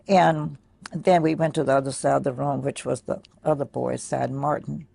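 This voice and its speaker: An older woman quietly recounting a personal memory in a soft, halting way with many pauses. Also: a bass voice, steady tone, vocal fry, slightly rough. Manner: soft-spoken, pausing, many fillers. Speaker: interviewee. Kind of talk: personal recollection.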